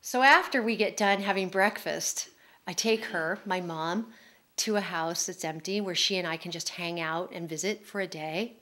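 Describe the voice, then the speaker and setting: A middle-aged woman, an author, telling an emotional personal story at a public talk in a candid, quick-flowing way. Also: lowish voice, sharp tone, slight background noise. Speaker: author speaking at a public forum.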